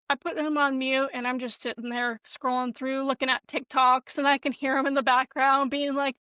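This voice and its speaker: Casting: bright, profane woman podcast co-host, dull, dry lo-fi sound. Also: high voice, normal speed, few pauses, dry recording. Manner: profane, animated storytelling. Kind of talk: casual storytelling chat.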